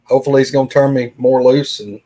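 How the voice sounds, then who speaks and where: A middle-aged man with a drawl tells a personal story as a podcast guest. His voice sits in an ordinary middle pitch, and he speaks earnestly and plainly, walking through each conversation beat by beat. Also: steady tone, fast, dark tone, poor audio. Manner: earnest, plain-spoken, retells dialogue with "I said".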